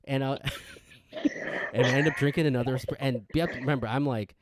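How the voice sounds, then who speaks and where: A man's voice: normal speed, a crowd in the background. A young man co-hosting a podcast, telling a story in casual chat with lots of restarts and quoted voices. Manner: animated, acts out quotes with big pitch jumps; frequent restarts and stammers. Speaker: podcast co-host.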